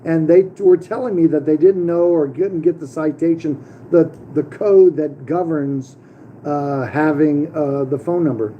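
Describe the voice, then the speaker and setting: A man's voice: on the high side, unhurried, muffled recording, slight background noise. A middle-aged man talking casually to camera as the host of his own channel, rambling with many fillers and restarts. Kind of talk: casual vlog monologue.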